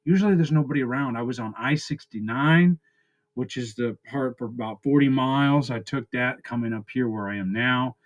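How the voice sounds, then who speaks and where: A man speaks in a raw, halting way and is close to breaking down. His voice sits at an ordinary pitch for a man, and he sounds tearful as he pours out his feelings in a personal vlog. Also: highs cut off. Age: 40s. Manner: raw, halting, emotional confessional talk. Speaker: vlogger. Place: his friend's house.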